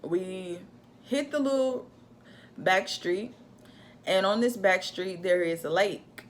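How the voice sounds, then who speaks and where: A woman's voice: mid-range voice, slow, slight background noise. Chatty young woman telling a story. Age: young adult. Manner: animated, chatty, acts out her own shouts in quotes. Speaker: vlogger telling a birth story. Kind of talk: casual storytime chat.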